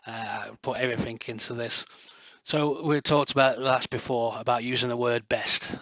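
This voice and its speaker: Speaking at a moderate pace, this middle-aged light gun builder and video creator chats loosely to camera, boasting with genuine enthusiasm and scattering fillers throughout. His pitch holds mostly flat and even. The audio is dry and close-miked, with no sense of a room.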